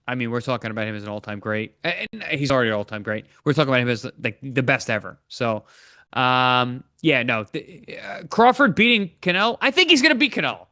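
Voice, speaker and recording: A man's voice: medium pitch, animated, fairly quick, bright, forceful tone, no echo, studio quality. A man on a boxing panel who cuts in on others and repeats words when he jumps in. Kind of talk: panel debate.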